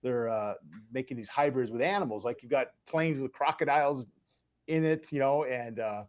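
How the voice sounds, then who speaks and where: A man's voice: mid-range voice, normal speed. Male host, casual chat, rambling, lots of fillers and restarts. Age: parent of children. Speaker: podcast host.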